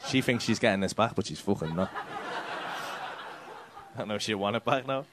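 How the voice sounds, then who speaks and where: A man's voice: on the low side, lively intonation, brisk, noisy background. A male stand-up comedian doing crowd work, teasing people in the audience with sweary banter. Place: comedy club stage.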